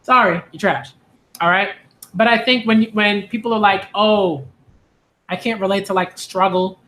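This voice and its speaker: Speaking at a moderate pace, this young Queens man has a high, steady, slightly bright voice. He's an anime and manga video host from Hollis, New York, whose casual on-camera talk rambles with frequent "like" and "um" and many restarts.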